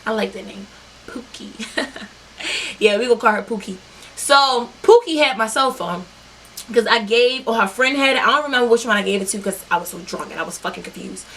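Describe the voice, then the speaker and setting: Young female vlogger, fairly high voice, lively and profane, addressing viewers directly. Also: moderate pace, slight background noise. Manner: animated, profane, talking straight to viewers. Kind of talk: storytime vlog.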